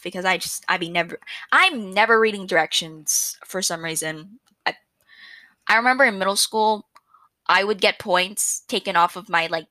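Young woman, solo podcast host, loud and excitable, self-mocking chatter, bright forceful voice, lowish pitch, dry close mic. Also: no room sound. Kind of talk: casual solo podcast chat. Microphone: podcast microphone.

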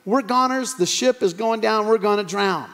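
A man's voice: moderate pace, fairly bright tone. A man voicing panicky male disciples in a sinking boat, wailing frantically in an echoey hall. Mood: panicked. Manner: frantic, high-pitched wailing.

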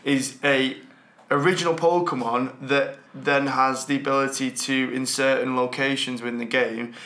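A man's voice: medium pitch, level tone, normal speed, sharp tone. Man, casual podcast co-host, rambling delivery, echoey space. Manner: rambling, repeats words, chuckles often. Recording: roomy echo.

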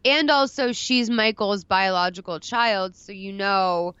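A woman's voice: medium pitch, measured pace, fairly bright tone, smooth, dry recording, lo-fi sound. A woman co-hosting a podcast, chatting casually, agreeing readily and reading out figures as she looks them up. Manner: conversational, agreeable, reads out figures while looking things up. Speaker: podcast co-host. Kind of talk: casual chat.

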